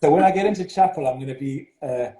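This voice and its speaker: Man, South African accent, headmaster, hesitant with fillers, warm dark tone, roomy echo. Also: fairly high pitch, quick pace. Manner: hesitant, many fillers and restarts. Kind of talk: interview over video call.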